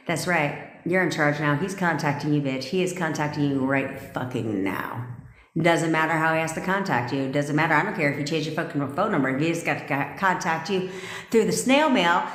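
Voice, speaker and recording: A woman coach hosts a live stream in a brash, bossy, swearing way, firing out commands and answering viewers' comments. Her voice sits a little low. The room is echoey, with a long reverb tail behind her. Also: brisk, a bit bright. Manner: reads live comments aloud. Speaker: manifestation coach.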